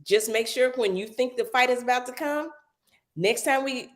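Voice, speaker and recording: A woman's voice: on the high side, moderate pace. A woman pastor giving firm, encouraging advice on a live online show.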